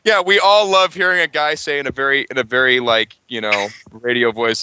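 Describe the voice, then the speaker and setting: A man chatting casually on a gaming podcast, rambling and joking, quick to laugh. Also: mid-range voice, steady tone, sharp tone, clean tone. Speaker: tabletop game master on a gaming podcast.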